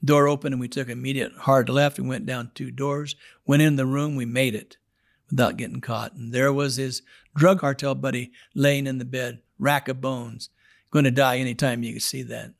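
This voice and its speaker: A man telling his testimony on a podcast, swinging from hushed prayer to loud, dramatic outbursts. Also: medium pitch, flat delivery, normal speed, creaky. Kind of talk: storytelling testimony.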